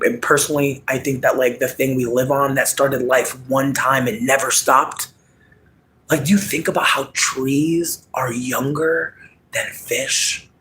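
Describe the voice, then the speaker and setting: A man talks in a loose, rambling monologue, cursing freely and breaking into laughter. His voice sits at a middle pitch and swings from low, muttered asides to sudden loud shouts. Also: a little hiss or hum, rough recording. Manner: animated, swings between murmur and yelling.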